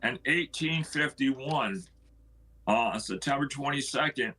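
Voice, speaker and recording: Man, middle-aged, husky voice, earnest storytelling, voices the people he quotes. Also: medium pitch, measured pace, pushed and bright, low-quality recording. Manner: earnest storyteller who acts out quoted speech. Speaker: house owner telling its history. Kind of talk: storytelling on a live stream.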